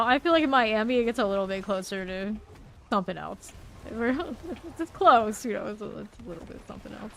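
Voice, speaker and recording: A laid-back woman streamer from Florida talks with a light Southern lilt, a touch of vocal fry running under her mid-pitched voice. She chats easily with viewers while she plays, answering them between moves. A faint hiss sits behind her. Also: a bit bright. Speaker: game streamer. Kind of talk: casual chat while playing a game.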